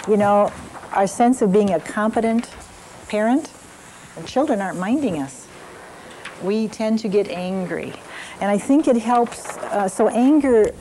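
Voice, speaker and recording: A woman's voice: medium pitch, dark tone, a little hiss or hum, low-quality recording. An older woman leading an evening parenting class, telling stories and examples with frequent fillers.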